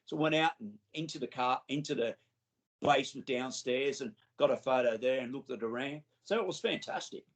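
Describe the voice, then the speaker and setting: A man's voice: medium pitch, a little fast, rough recording. Australian man telling eager anecdotes. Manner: enthusiastic, rambling anecdotes with many restarts. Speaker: guest. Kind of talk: casual interview storytelling.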